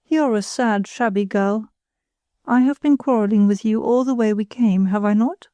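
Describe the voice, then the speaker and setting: A woman's voice: on the high side, normal speed, warm tone, no echo, natural voice. A woman reading the part of a pretentious, self-satisfied married woman who chatters condescendingly. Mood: patronizing.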